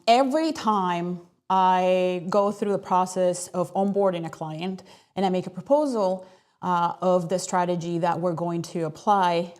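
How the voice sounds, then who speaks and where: A woman hosting a live stream, talking in an energetic, chatty way with plenty of fillers. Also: lowish voice. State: out of breath. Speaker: host.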